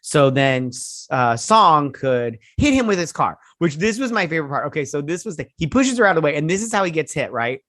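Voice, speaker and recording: A man's voice: fairly high pitch, big pitch swings, fairly quick, few pauses, a bit bright, dry recording. Rambling male TV reviewer, dry sound. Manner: rambling, filler-heavy retelling that acts out characters' lines. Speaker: TV episode reviewer. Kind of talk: casual spoken episode review.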